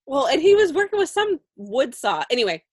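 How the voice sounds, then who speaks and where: A woman's voice: high-pitched, a little fast, dry recording. Woman cohost telling a funny story, laughs a lot, voice jumps all over, super dry close sound. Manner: animated storytelling with frequent laughter. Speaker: podcast co-host. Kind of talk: casual chat.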